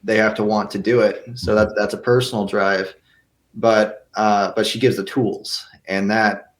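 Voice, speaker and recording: A young man gives earnest answers in a casual interview, his voice sitting a little low. He often trips over his first words and starts again before the thought comes out. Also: little pitch movement, a little slow. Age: young adult. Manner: earnest, with many restarts and stammered repeats. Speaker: guest actor.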